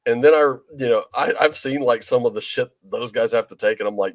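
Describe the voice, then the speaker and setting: A man's voice: mid-range voice, fairly even intonation, normal speed, few pauses, no echo. A man co-hosting a podcast, chatting casually, laughing often and swearing freely. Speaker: podcast co-host. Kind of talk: casual chat.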